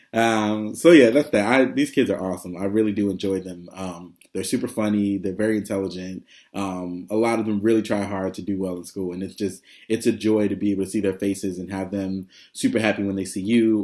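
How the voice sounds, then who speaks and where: Casual vlogger, a man with a lowish voice, talks loosely with plenty of ums. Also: darkish tone. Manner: chatty, rambling, many fillers, laughs often. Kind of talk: casual vlog update.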